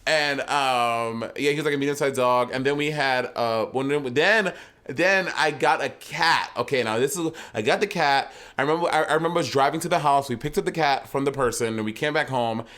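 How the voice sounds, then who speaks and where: Animated guy from saint lucia, middle pitch, casual podcast chat, laughs a lot. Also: fairly quick. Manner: animated, laughs readily, rambling storyteller. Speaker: podcast co-host.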